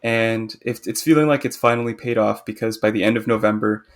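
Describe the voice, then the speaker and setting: A man's voice: fairly low pitch, steady tone, fairly quick. A man co-hosting a podcast in casual chat, talkative and opinionated, with a teasing edge toward his co-host.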